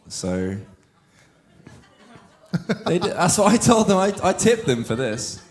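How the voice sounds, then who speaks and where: A young man performing as a guest in a live interview before an audience, rambling and joking in a playful, deadpan way. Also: on the low side, takes it slowly, long pauses. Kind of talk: live comedic interview banter.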